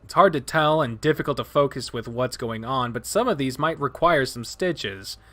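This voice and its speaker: A man reading a visual novel aloud as its narrator, expressive and dramatic, breaking off for his own asides. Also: medium pitch, normal speed.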